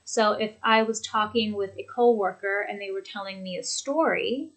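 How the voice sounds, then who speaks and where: A woman teaching an English lesson from a home desk, speaking clearly and deliberately as she demonstrates intonation. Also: mid-range voice, fairly bright tone, low-quality recording. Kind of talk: recorded lesson. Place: home office with a computer.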